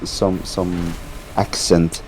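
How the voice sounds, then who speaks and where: A man's voice: low-pitched, level tone, extremely slow, a little mellow, a little hiss or hum, rough recording. A man on a game call who keeps urging his teammates to follow instructions. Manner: insistent, repeats instructions to teammates. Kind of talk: casual gaming chat.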